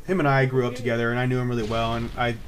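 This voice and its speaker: A man's voice: medium pitch, level tone, racing. A man in his twenties tells a personal story to camera in a rambling, laid-back way, with lots of fillers and swearing. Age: 20s. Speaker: vlogger.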